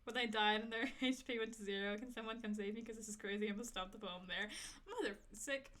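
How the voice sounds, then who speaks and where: A woman's voice: medium pitch, fairly even intonation, fast talker, a bit bright. A young woman streaming a game, chatting casually and rambling to her viewers while she fiddles with settings. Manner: chatty, self-talking, giggly, rambling to chat. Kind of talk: casual live-stream chat while gaming.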